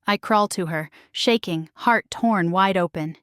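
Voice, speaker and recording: A woman reading a first-person paranormal romance story aloud, hushed and emotional. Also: on the low side, unhurried, clear, resonant tone, no room sound, clean studio sound. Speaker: narrator.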